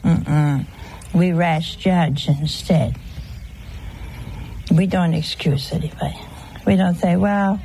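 A woman's voice: fairly low pitch, steady tone, slow, pauses often, dark tone, slight background noise, poor audio. A woman giving a homely, conversational sermon, teasing her listeners with rhetorical questions. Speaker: religious teacher.

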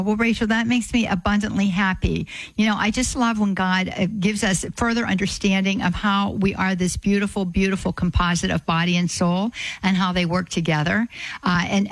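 Gentle woman hosting a prayer call-in show. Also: mid-range voice, dry recording, poor audio. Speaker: radio show host. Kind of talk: call-in radio prayer and conversation.

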